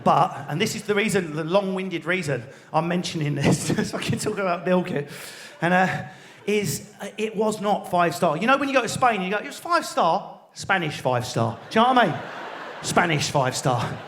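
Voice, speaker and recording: An English man with an Essex accent doing a live stand-up routine in a large theatre, ranting fast with lots of swearing and sudden shouts. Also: sits high. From England. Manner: rapid, swearing, mock-outraged rants with frequent shouting. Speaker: stand-up comedian. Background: audience laughter.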